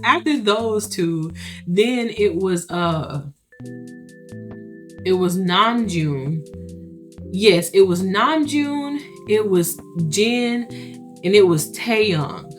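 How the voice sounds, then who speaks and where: A young woman tells a story straight to her viewers in a chatty, animated way. Her voice sits at a middling pitch, she laughs often and acts out what people said. Faint music plays softly behind her. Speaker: vlogger.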